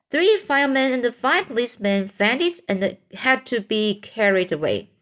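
A woman reads a children's storybook aloud at a slow, unhurried pace. Her voice sits fairly high, and she trips over words and restarts them. She lifts her voice for the characters' shouted lines. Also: sing-song. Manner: slow, halting read-aloud with stumbles and restarts. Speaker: reader. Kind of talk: reading a children's book aloud.

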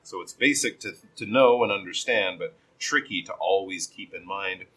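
A man teaching pronunciation, giving patient feedback on a learner's reading and modelling sentences slowly with strong stress. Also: low-pitched, a bit bright, slightly rough, poor audio.

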